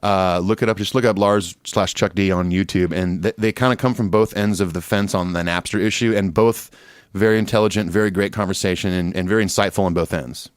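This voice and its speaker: A man co-hosting a music podcast, relaxed and agreeable, reading listener emails with many fillers. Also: low voice, a little fast, clear, resonant tone, no room sound, clean studio sound. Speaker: podcast co-host.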